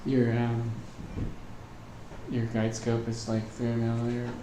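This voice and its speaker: A man's voice: mid-range voice, monotone, a little slow. A man at a club meeting, asking probing questions about another member's gear. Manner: inquisitive, probing. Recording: distant mic in an echoey hall with clear hum.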